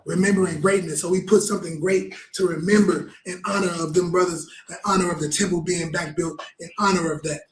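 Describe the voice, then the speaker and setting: A man's voice: high voice, fairly even intonation, fairly quick, few pauses, reverberant, rough recording. A man preaching a fervent, blunt sermon with lots of repetition.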